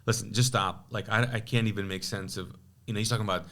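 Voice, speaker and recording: Animated storytelling man from Kuwait. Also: on the low side, fast talker. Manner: animated, acts out quoted dialogue with many asides. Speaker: pastor, podcast guest. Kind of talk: personal testimony storytelling.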